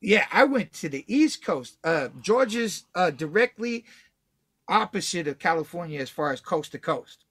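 A man with a notably high voice tells a rough story from his own life, heavy with slang and swearing. He jumps into the voices of the people in it as he goes. The sound is close and dry. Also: big pitch swings, normal speed, dry recording. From Texas. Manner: profane, slangy, acts out quotes loudly. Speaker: guest. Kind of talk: casual storytelling.

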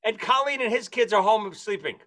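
A man telling a comic story among friends, acting out the voices of the people in it with shrill squeals. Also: expressive, fairly quick, a bit bright. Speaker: podcast host telling a story.

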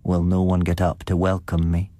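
A man reading aloud, voicing a cold, menacing undead old man with a dead, flat voice in a spoken storybook. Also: low-pitched, normal speed, no room sound, natural voice.

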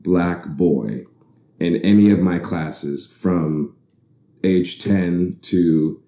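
A man's voice: sits low, very slow, dark tone. A young man from the Bahamas in casual conversation, talking reflectively and rambling with frequent restarts. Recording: roomy echo.

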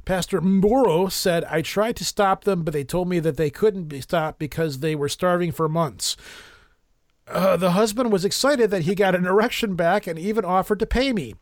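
A man with a fairly high voice hosts a paranormal podcast, reading strange articles aloud and tripping over words. He laughs at himself along the way, and the sound is close and dry. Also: moderate pace, no room sound. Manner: stumbling, self-mocking reading with laughs.

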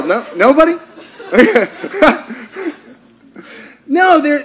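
Male pastor, high voice, animated sermon delivery that jumps from shouting to near-hush, preached in a church. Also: measured pace. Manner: animated, swings between shouting and hushed.

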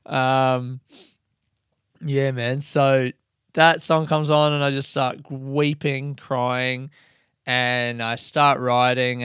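A man's voice: medium pitch, a bit bright, clean tone, no echo, studio quality. A young man hosting a podcast alone, telling a rambling story in a casual way, swearing freely and laughing at himself. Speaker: podcast host.

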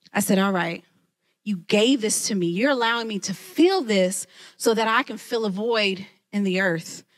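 A woman who leads a ministry, preaching a lively sermon and talking straight to her listeners. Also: fairly high pitch. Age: adult, mother of children. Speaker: women's ministry leader.

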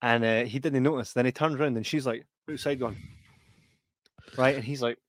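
A man's voice: medium pitch, fairly even intonation, a little fast. Laughing man telling stories. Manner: laughs heavily while telling anecdotes. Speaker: podcast co-host. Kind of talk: casual chat, storytelling.

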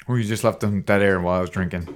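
Joking man in his forties hosting a podcast. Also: deep voice. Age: 40s. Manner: joking, teasing, self-mocking. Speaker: podcast host. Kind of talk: casual podcast chat.

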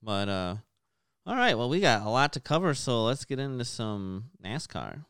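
A man co-hosting a casual racing podcast, chatting and reading race results in a relaxed way. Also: mid-range voice, moderate pace, clean tone. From United States. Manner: announcer-style intro, then relaxed chat reading results. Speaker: podcast co-host.

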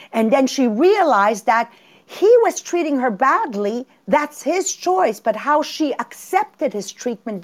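A woman whose French first language shows, hosting a motivational podcast. She talks in a higher voice that swings widely up and down. She tells stories with lots of energy and repeats her words. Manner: storytelling, animated, repeats words. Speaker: podcast co-host. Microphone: remote call.

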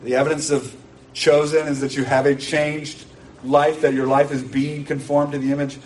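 Delivering a sermon at normal speed, this pastor has a slightly high, somewhat mellow voice with a level tone. He's earnest and emphatic, hammering home key phrases through repetition, recorded from a distant mic over faint background noise.

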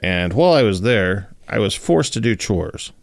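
A man co-hosting a casual chat, telling stories in a laid-back, drawn-out way. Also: fairly low pitch, lively intonation, gravelly, no room sound. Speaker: podcast co-host.

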